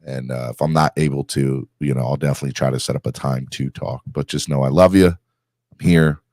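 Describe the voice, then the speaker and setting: A man's voice: a bass voice, fairly even intonation, brisk, a little mellow, dry recording, studio quality. A man hosting a sports podcast, talking earnestly in a rambling way with many fillers. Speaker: podcast host. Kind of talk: casual sports podcast chat.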